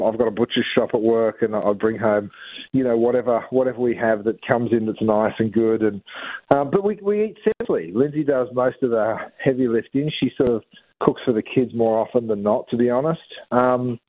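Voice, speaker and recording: Upbeat middle-aged man, mid-range voice, heard over a narrow phone line; chatty guest. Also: medium pitch. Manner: upbeat, chatty, laughs easily. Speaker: celebrity chef guest. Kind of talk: casual phone interview.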